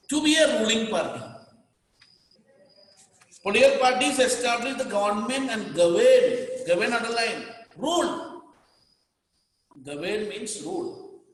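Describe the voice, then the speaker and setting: A man's voice: extremely high pitch, animated, moderate pace, pauses often. A male teacher with an Indian English accent, giving a classroom lecture and explaining key terms, repeating words for students to note down. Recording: very echoey, reverberant room.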